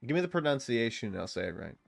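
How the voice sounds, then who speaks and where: A man's voice: medium pitch, big pitch swings, rapid-fire, creaky. A man streaming a game, chatting loosely and swearing often as he banters with his viewers. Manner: loose, profane, bantering with chat. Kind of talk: casual live-stream chat while gaming.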